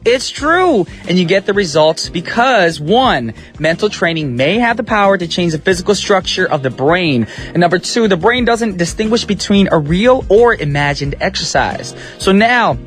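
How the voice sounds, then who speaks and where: A man's voice: high voice, lively intonation, moderate pace, hardly any pauses, fairly bright tone. A male radio DJ hosting his show in a studio, talking in an upbeat, chatty, slangy way. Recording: radio broadcast with faint music beds.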